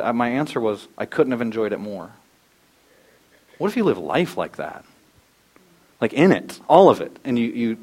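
Storytelling male pastor preaching. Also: mid-range voice. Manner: storytelling, animated, acts out quoted voices. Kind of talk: sermon.

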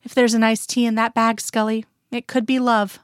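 A woman reading the lines of a reserved male FBI agent in a fan fiction story, in an even, plain delivery. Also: fairly high pitch, moderate pace, clean tone, no room sound, clean studio sound, natural voice. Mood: guarded.

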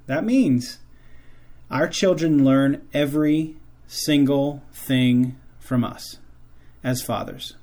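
A man's voice: mid-range voice, darkish tone. A man hosting a Catholic show, talking earnestly to fathers in a preaching style and repeating phrases for emphasis. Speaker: host of a Catholic faith show.

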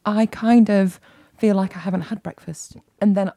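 A woman's voice: medium pitch, fairly even intonation, moderate pace, creaky, warm tone, dry recording, studio quality. A woman co-hosting a food podcast, chatting casually in a wry, teasing way with plenty of fillers. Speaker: podcast co-host. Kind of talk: casual chat.

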